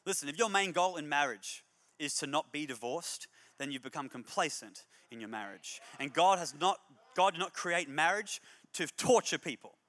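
A man preaching a humorous, energetic sermon as a pastor, moving between jokey stories and emphatic exhortation. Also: on the high side, normal speed, in a large hall. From Australia. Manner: animated storyteller, jokey then emphatic and exhorting.

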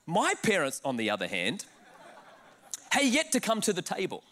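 Bright, high-voiced Australian preacher. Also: male voice, normal speed. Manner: animated, comic, self-mocking storyteller. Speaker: pastor. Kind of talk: preached storytelling sermon.

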